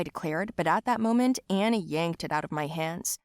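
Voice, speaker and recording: Expressive woman narrating an animated story. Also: on the low side, normal speed, clean tone, no room sound, clean studio sound. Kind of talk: scripted first-person story narration.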